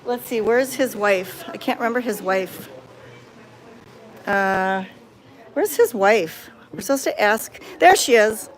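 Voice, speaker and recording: A woman's voice: mid-range voice, lively intonation, takes it slowly, long pauses. A woman vlogging on a phone camera outdoors at a cat sanctuary, chatting in a bubbly, enthusiastic way. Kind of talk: casual walking vlog. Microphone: handheld phone camera.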